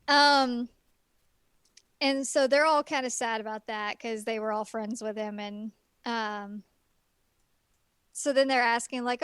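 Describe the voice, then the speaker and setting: A woman's voice: on the high side, steady tone, takes it slowly, long pauses, fairly bright tone, smooth, no room sound, clean studio sound. A woman on a casual podcast, rambling through a plot recap with lots of ums. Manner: rambling plot retelling with many fillers. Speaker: guest reviewer.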